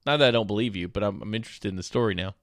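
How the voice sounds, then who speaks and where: A man's voice: fairly low pitch, racing, no room sound, studio quality. A man from South Alabama, chatting casually as a streamer and rambling through stories. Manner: rambling, animated storyteller. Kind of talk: casual chat.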